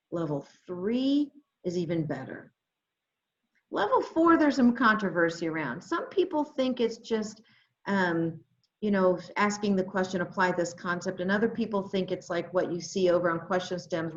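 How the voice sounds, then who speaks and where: A woman leading an adult education webinar, talking to teachers with lots of excitement and reading chat replies aloud over a computer microphone. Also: fairly low pitch, normal speed. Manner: enthusiastic, exclamatory, reads chat aloud. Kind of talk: webinar presentation. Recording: roomy, slightly dull webinar audio.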